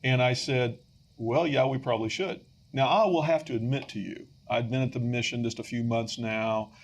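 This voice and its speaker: A middle-aged man hosting a podcast, telling a story with lively energy and frequent fillers and restarts. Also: mid-range voice, normal speed, a little hiss or hum. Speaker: podcast host and rescue mission leader.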